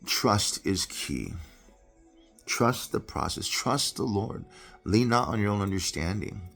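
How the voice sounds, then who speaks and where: A middle-aged man giving an earnest, personal devotional talk on a Bible passage, moving from loud emphasis to low, quiet confession. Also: animated, takes it slowly, creaky, faint music behind. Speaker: preacher.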